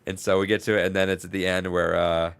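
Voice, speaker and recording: Deep gravelly man chatting casually. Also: flat delivery, quick pace, no room sound. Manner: rambling, stammering restarts, casual swearing. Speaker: podcast co-host. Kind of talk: casual chat.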